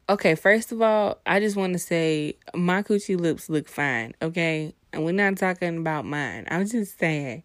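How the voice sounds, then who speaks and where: A woman's voice: lowish voice, expressive, moderate pace, hardly any pauses, dry recording. Blunt, profane young woman ranting. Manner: profane, blunt, swings between hushed asides and loud outbursts. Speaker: vlogger. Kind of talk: comedic rant.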